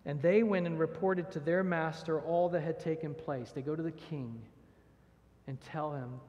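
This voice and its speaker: A man's voice: fairly high pitch, moderate pace, a little mellow, muffled recording. A man preaching a verse-by-verse sermon as pastor, earnest, asking rhetorical questions and reading scripture aloud. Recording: long church reverb.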